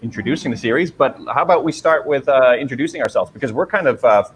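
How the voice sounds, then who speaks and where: A man's voice: medium pitch, expressive, quick pace, a little hiss or hum. A man from England raised in Canada, hosting a casual group chat as a chatty storyteller. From born in England, raised in Canada. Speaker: host.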